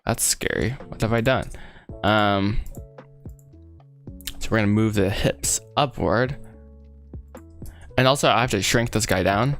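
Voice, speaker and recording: A man's voice: on the low side, unhurried, long pauses, a bit bright, soft background music. A young man rambling casually and laughing often while he works on a 3D model and chats with viewers. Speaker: 3D artist streaming his work. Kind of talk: casual live chat while working.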